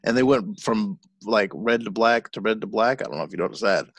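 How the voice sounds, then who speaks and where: Gravelly, sarcastic podcast co-host man. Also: lowish voice, a little fast, no room sound. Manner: sarcastic, profane, joking asides. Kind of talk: casual chat reviewing a movie.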